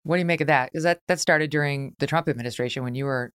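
A woman hosts a political talk show, asking blunt questions in a conversational way. Her voice sits on the low side, and the recording is close and dry with no room sound. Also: quick pace, fairly bright tone, smooth, no room sound.

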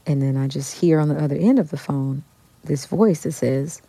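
A woman from Kansas City, Kansas, a musician and actor, telling an animated story as a guest on a radio interview. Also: low-pitched, normal speed, vocal fry, husky, dry recording.

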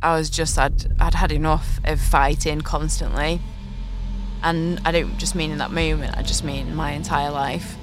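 A woman in her thirties tells a deeply personal story in an earnest, reflective way. Short nervous laughs slip in between her words. Music plays clearly underneath her voice. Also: flat delivery, normal speed. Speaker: podcast host.

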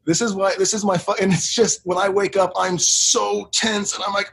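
A man's voice: sits high, flat delivery, normal speed, creaky, few pauses, a bit bright, slightly rough. A man co-hosting a podcast, telling loose, rambling stories in casual chat and swearing freely. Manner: loose, profane, rambling storytelling. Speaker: podcast co-host.

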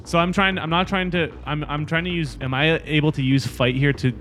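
A man's voice: on the high side, steady tone, a little fast, fairly bright tone, soft background music. A man playing a tabletop game, eagerly explaining his moves. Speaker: player.

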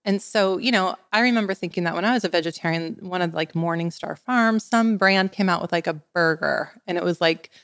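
A woman's voice: fairly low pitch, brisk, few pauses, no echo, studio quality. A woman in her forties, a wellness expert guest, telling stories in casual podcast chat with lots of "like" fillers. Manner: animated storyteller, many "like" fillers.

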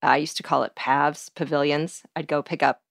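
Low gravelly woman telling stories. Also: level tone, normal speed, dry recording, clean studio sound. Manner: chatty storyteller, lots of "like". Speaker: podcast guest. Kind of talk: casual chat.

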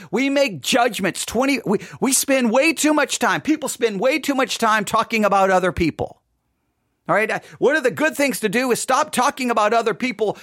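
Animated, high-pitched male preacher. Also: dry recording, studio quality. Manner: emphatic, repetitive, rhetorical questions. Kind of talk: sermon.

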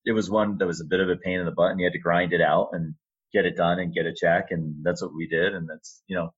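A middle-aged man, an arena announcer, telling a relaxed story with fillers in a casual interview. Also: sits low, quick pace, husky, muffled recording. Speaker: arena announcer and sports media relations staffer.

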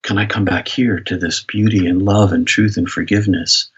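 Deep husky man, earnest storyteller. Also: steady tone, moderate pace. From United States. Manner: earnest, reflective, with frequent restarts. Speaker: pastor and guest. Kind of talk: personal storytelling in an interview. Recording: dull lo-fi sound.

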